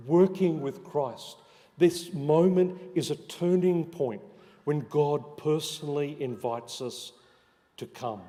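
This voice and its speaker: A priest preaches a storytelling homily in a mellow, warm voice. He often drops to a soft hush to stress a point. His voice carries a long church reverb. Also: medium pitch. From Australia. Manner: storytelling, dropping to soft hushed emphasis. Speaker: parish priest.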